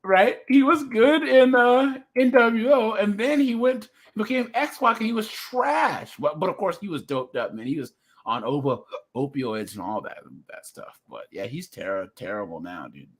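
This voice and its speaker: A man's voice: sits high, lively intonation, moderate pace. A man in a casual livestream chat, talking in an emphatic, rambling way and often checking in with "right?".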